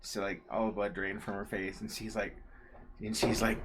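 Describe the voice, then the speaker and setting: Man, low voice, casual, rambling, lots of fillers, faint background noise. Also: level tone, moderate pace. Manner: rambling, full of fillers and asides. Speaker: co-host, husband of the host. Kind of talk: casual storytelling on a livestream.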